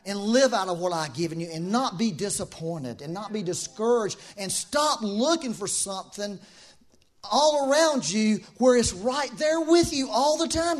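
A man preaching a sermon in a conversational, animated way, with asides and laughs. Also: sits high.

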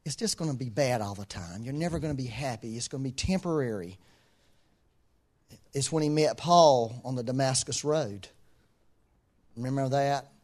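A man preaching a sermon in an animated, conversational way, often chuckling between points. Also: mid-range voice, moderate pace, long pauses.

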